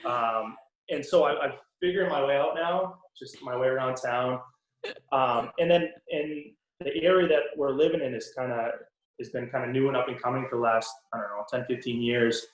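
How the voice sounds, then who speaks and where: A young man with a Boston accent, a guest in a casual interview, relaxed and rambling with many ums and restarts. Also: mid-range voice, moderate pace. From Boston area. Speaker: podcast guest, pro hockey player. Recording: roomy echo.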